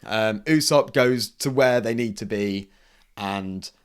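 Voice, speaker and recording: A man's voice: on the low side, takes it slowly, clean tone. Man, podcast co-host, casual, giggly, bursts into character voices. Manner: laughing often, acting out characters' lines in bursts. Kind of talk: casual chat about manga.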